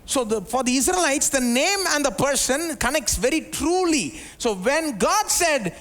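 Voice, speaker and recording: A man's voice: very high voice, lively intonation, unhurried, few pauses, a bit bright. A male pastor, giving a live sermon in a conversational way, full of rhetorical questions and asides to the congregation. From India. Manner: conversational preaching, many rhetorical questions and "you know". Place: church service before a congregation.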